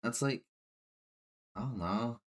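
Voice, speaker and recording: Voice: mid-range voice, slow. A tabletop game player chatting casually and playfully, cracking jokes. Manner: playful, joking.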